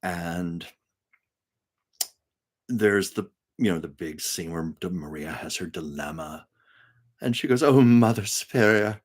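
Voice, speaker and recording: An older man hosting a casual livestream, telling anecdotes with frequent laughs and reading viewer comments aloud. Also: sits low. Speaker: livestream host. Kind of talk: casual storytelling chat.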